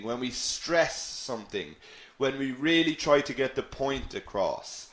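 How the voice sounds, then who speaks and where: A man's voice: mid-range voice, a bit bright. A male English teacher giving a live online lesson, explaining patiently, often checking in with "okay?" and reading out viewers' names. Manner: reads out viewers' names and questions. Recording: roomy echo.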